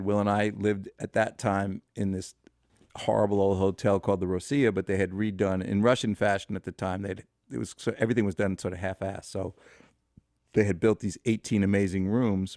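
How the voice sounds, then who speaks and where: A man's voice: low-pitched, darkish tone, dry recording, clean studio sound. A man in his fifties, a podcast guest, telling a long anecdote in a rambling way, full of fillers and restarts. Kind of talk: storytelling in a podcast interview.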